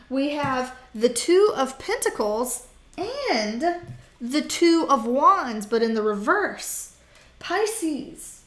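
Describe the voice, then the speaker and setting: A woman's voice: on the high side, fairly bright tone, echoey room. A woman doing a casual tarot reading for the zodiac signs, talking in a chatty, blunt way with fillers, swearing and laughter. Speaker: tarot reader.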